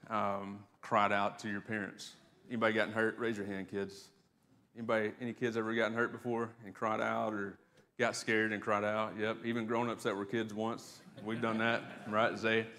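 Male pastor, lowish voice, chatty preaching to the congregation, long church reverb. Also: fairly bright tone. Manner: conversational preaching with fillers and repeated words. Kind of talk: sermon. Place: church sanctuary.

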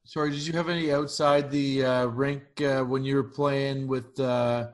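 A man's voice: mid-range voice, level tone, moderate pace. A man hosting a casual chat, asking short, curious questions.

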